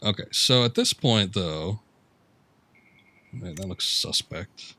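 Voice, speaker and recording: A man does casual let's-play commentary while streaming a game, joking and laughing as he plays. His voice sits very low, and he talks into a desk mic. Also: expressive, takes it slowly, bright, forceful tone. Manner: laid-back, jokey, laughs often. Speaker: gaming streamer. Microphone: headphones and desk mic.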